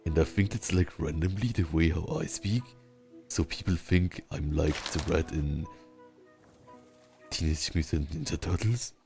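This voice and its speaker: A man with a Southern German accent and a rolled R, a native German speaker chatting casually while streaming a game, talking slowly with long pauses. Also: vocal fry, music in the background. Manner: slow, rumbly speech with long pauses. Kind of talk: casual chat while gaming.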